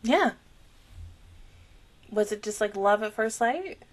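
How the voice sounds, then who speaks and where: A woman reacting to an anime episode in casual commentary, emotional and excitable, tearing up and gasping. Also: medium pitch, slow pace.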